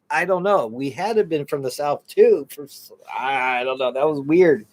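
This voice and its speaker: A man's voice: a little high, normal speed. A man co-hosting a paranormal show in loose, rambling chat, laughing often and swearing casually. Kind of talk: casual live-stream chat.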